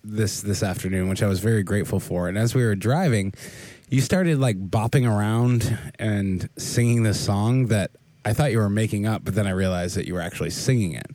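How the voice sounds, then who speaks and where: A man's voice: lowish voice, brisk, mellow, no echo. A man co-hosting a podcast in casual chat, opinionated and ranting with lots of "like" and restarts. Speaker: podcast co-host.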